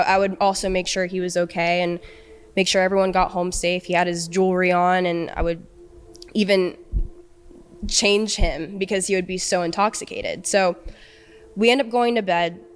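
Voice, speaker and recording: A young woman, an interview guest, recounting a painful personal ordeal in a halting, emotional way, with many fillers and restarts. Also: fairly low pitch, smooth.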